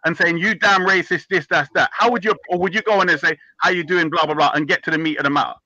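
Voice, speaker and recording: A man's voice: fairly high pitch, fast talker, sharp tone. A man hosting a heated online debate, brash and mocking as he talks over others. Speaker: host of a live online debate. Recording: muffled dry online call audio.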